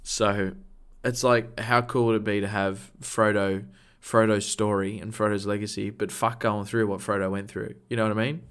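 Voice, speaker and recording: A man's voice: fairly low pitch, little pitch movement, normal speed, few pauses, clear, resonant tone. A man co-hosting a podcast, telling rambling work stories full of slang and swearing. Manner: profane, rambling, heavy slang. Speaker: podcast co-host. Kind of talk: casual storytelling.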